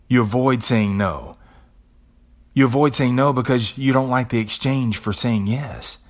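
A man hosting a podcast who talks in a casual, conversational way, swears freely and often repeats words as he tells a story. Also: medium pitch. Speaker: podcast host. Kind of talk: casual monologue.

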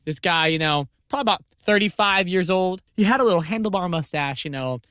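A woman co-hosting a comedy podcast, telling stories in a mock-earnest way with sudden jumps in pitch. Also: a little fast, fairly bright tone, clear, resonant tone, dry recording, clean studio sound. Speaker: podcast co-host. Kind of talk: improvised comedy chat.

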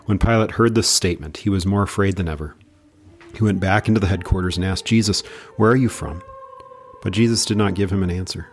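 Guy reading the bible out loud, deep low voice, slow and steady. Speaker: scripture reader.

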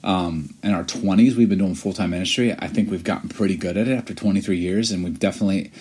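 Man, forties, podcast co-host, low husky voice, reflective storytelling. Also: fast, a little mellow. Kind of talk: casual chat.

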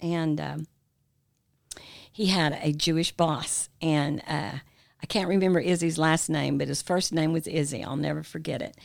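A woman's voice: deep voice, fairly even intonation, moderate pace, creaky, no room sound. An older woman, mother of the hosts, telling a long family story in a rambling way with many fillers. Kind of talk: storytelling in casual family chat.

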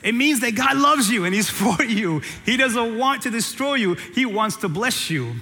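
High, bright-voiced preacher in a hall. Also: male voice, moderate pace. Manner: animated, jokey preaching with a teasing tone and repetition. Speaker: pastor. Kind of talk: sermon. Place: church sanctuary. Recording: long reverb of a large hall.

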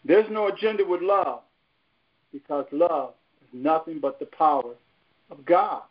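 A man's voice: a little high, measured pace, lo-fi sound. A man speaking in a heartfelt, emphatic way on a church prayer line.

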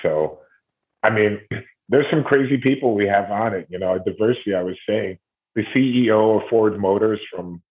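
A man's voice: lowish voice, moderate pace. A man from Ohio, a guest musician, telling stories in a loose, rambling way during a casual interview. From Ohio, USA. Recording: tinny phone-like line.

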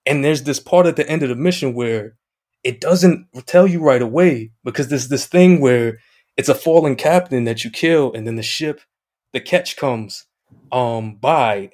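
A man guest on a podcast, telling a video game story in a casual, excited way, acting out what others said and swearing mildly. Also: mid-range voice. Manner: excited storyteller, acts out quoted chat, mild swearing.

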